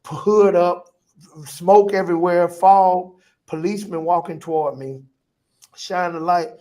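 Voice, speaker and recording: A middle-aged pastor telling a personal testimony in a vivid, animated way, in casual vernacular with repeated phrases. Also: male voice, high-pitched, unhurried. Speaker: pastor, guest.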